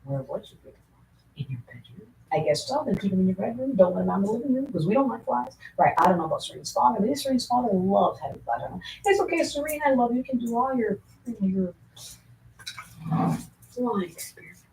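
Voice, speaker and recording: A woman talks straight to her vlog camera in a loose, rambling way, cracking jokes and swearing freely. Her voice carries a gravelly fry, and a faint hiss of noise sits under the recording. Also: mid-range voice, lively intonation, fairly quick, a little mellow, low-quality recording. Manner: rambling, jokey, profane. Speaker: vlogger. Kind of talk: casual vlog chat to camera.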